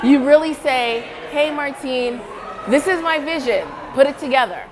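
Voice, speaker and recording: A woman's voice: sits high, normal speed, crowd noise, poor audio. A woman giving a casual testimonial, telling her story in a chatty way, acting out what people said and laughing often. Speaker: satisfied client giving a testimonial.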